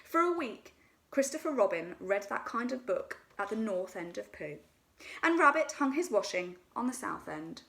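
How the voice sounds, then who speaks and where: A woman storyteller reads a children's story aloud gently and expressively, her medium-pitched voice at normal speed with some vocal fry.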